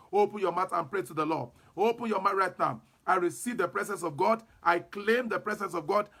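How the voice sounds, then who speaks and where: A man's voice: high-pitched, vocal fry, sharp tone. A man preaching a fervent sermon and leading prayer, repeating declarations and breaking into tongues. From Nigeria. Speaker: apostle and preacher.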